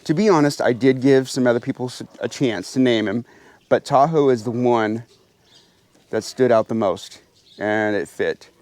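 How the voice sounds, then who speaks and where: A man with a medium-pitched, darkish voice speaks at normal speed with no echo. Hosting his farm channel from outdoor aviary pens, the pheasant farmer chats with viewers while doing chores and uses a raised, coaxing voice with his birds.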